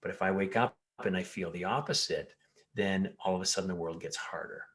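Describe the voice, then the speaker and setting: A man with a lowish voice talks through his health advice in an interview. He is earnest and explanatory, and he sometimes slips into the voices of the patients he describes. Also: a little fast, a bit bright. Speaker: pharmacist and health coach. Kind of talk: interview conversation.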